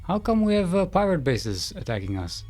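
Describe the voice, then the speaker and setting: A man's voice: a little high, very animated, moderate pace, darkish tone, faint music behind. A man streaming a video game, thinking aloud in a hesitant, rambling way. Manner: rambling, hesitant, self-correcting. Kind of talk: thinking aloud while playing.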